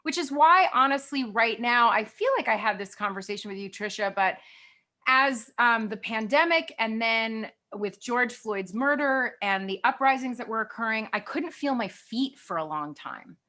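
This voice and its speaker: Middle-aged actress guest, bright and upper-register, expressive and quick to laugh. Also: female voice, on the high side. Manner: lively, expressive, often laughing. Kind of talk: candid conversation.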